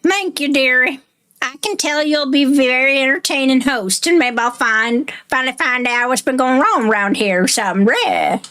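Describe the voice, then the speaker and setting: A woman's voice: high voice, expressive, moderate pace, pushed and bright. A woman voicing a lonely old woman visitor with a drawling, wheedling way of talking. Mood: sly.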